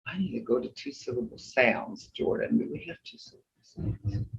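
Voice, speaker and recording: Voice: medium pitch, very animated, gravelly. A language teacher leading an online class, explaining patiently and repeating key points. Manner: slow, repetitive, patient explaining. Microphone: video call. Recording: echoey, distant, muffled video call.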